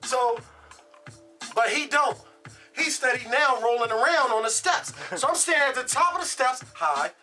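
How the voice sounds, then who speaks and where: A woman casually telling a true story in an animated, profane way, laughing as she goes. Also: high voice, moderate pace, music in the background.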